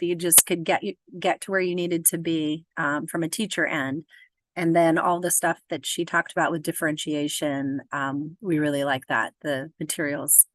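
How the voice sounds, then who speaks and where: A woman's voice: fairly low pitch, a bit bright, a little hiss or hum, rough recording. A woman teacher giving her team's view in a casual, chatty way during an online meeting. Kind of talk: reporting in a virtual meeting.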